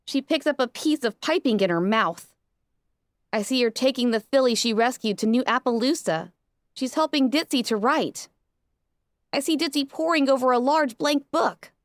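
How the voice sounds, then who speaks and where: A woman's voice: on the high side, no echo. A woman reading a first-person fan fiction audiobook with an emotional, impassioned delivery, recorded on a close mic. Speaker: audiobook narrator.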